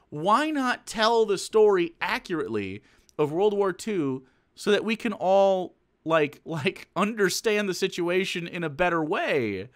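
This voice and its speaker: A man's voice: high voice, big pitch swings, unhurried. A man commenting casually on a stream, rambling with lots of fillers, swearing and getting worked up.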